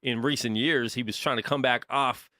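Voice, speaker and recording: A man's voice: mid-range voice, fairly even intonation, moderate pace, bright, forceful tone, dry recording, clean studio sound. A man hosting a casual sports talk show, teasing his co-hosts and often repeating words as he talks.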